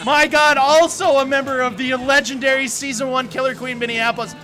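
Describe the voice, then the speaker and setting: A man casting a live tournament game, shouting in hyped excitement, with a cheering crowd and music behind him. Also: very high-pitched, a little fast. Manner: shouting, hyped, loud exclamations. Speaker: esports caster.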